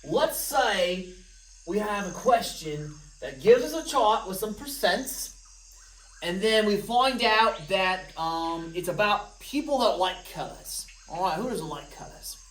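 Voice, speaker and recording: A woman's voice: mid-range voice, lively intonation, takes it slowly. A woman teaching a recorded math review lesson, walking through problems step by step with playful, jokey asides to students. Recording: roomy, from a distance of the mic.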